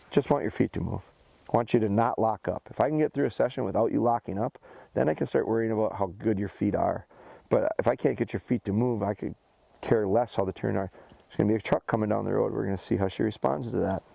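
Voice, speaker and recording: A man's voice: on the low side, fast talker, vocal fry, mellow, no room sound. A male dog trainer giving casual, step-by-step instruction outdoors, breaking off often to praise and call his dog. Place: outdoors by a rural road.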